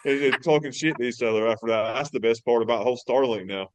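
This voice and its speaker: A man's voice: medium pitch, fast, no room sound, rough recording. A man, a fishing captain guesting on a podcast, telling stories in a rambling, emphatic way with lots of fillers. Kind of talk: casual storytelling interview. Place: podcast studio.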